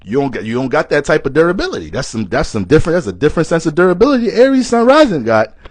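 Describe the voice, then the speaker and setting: A young man giving a casual astrology reading, animated and joking, swearing often, and tired from lack of sleep. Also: a little high, rapid-fire, dry recording. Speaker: astrology reader.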